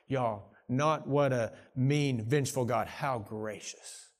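A pastor delivers a sermon in a mid-range voice, slow and with few pauses, moving earnestly between hushed, intimate passages and emphatic declarations. He is a young adult or middle-aged father of young children.

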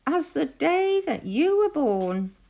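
A woman's voice: high-pitched, sing-song, slow, vocal fry, mellow, pitched above the performer's own voice, exaggerated voice. A woman voicing a sly, teasing male weasel in a storybook reading, bossy and mocking.

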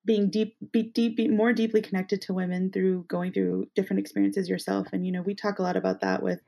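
Woman, vocal fry, casual chat, hesitant restarts. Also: mid-range voice, lively intonation, a little fast. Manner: hesitant, many restarts, warm comments. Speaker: women's healthcare worker, co-host. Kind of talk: casual conversation.

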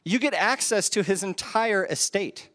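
Male pastor, high and expressive voice, chatty sermon delivery with rhetorical questions, long reverb from the hall. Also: measured pace. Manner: conversational preaching, rhetorical questions, chuckles at own asides. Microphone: handheld microphone.

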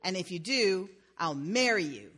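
A woman's voice: fairly low pitch, lively intonation, moderate pace, a bit bright, slightly rough, long reverb tail. A woman voicing a blunt, demanding king. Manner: blunt commands.

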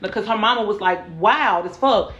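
A woman's voice: medium pitch, moderate pace, a bit bright, reverberant, dull audio. Blunt, profane young woman cohost. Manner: blunt, profane retelling with emphatic asides. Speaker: podcast co-host. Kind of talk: casual chat.

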